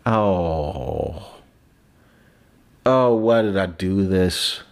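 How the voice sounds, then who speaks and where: A man's voice: low-pitched, drawn-out words, smooth. A man, a vlogger and comedian, drinking and rambling in a profane, self-mocking monologue. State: drinking alcohol.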